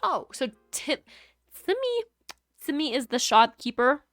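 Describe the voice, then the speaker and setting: A woman's voice: high-pitched, big pitch swings, unhurried, fairly bright tone, no room sound, studio quality. A woman streaming a video game, chatting casually in a giggly, rambling, playful way into a USB microphone at home. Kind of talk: casual gameplay chat.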